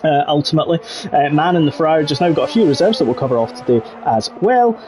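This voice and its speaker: A man's voice: on the high side, expressive, fast talker, darkish tone. A Scottish man doing jokey, rambling live commentary for an online racing league. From Scotland. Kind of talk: live esports race commentary.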